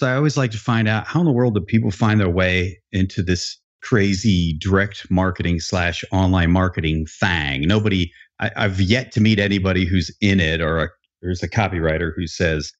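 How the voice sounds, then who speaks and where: This man hosts a podcast interview in a relaxed, joking way, drifting into stories and restarting sentences as he goes. His voice sits fairly low, and the sound is a bit dull and lo-fi. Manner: jokey, chatty, loose storytelling with restarts. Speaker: podcast host. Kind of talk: casual interview chat.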